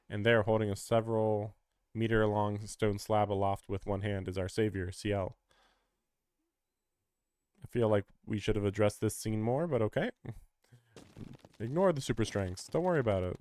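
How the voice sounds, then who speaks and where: A man's voice: on the low side, moderate pace, pauses often, darkish tone, no room sound. A man streaming a visual novel, reading its text aloud and breaking off into wry, chatty commentary.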